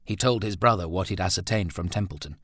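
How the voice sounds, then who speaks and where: Low-voiced male audiobook narrator. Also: quick pace, fairly bright tone, no room sound, studio quality. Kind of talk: scripted narration.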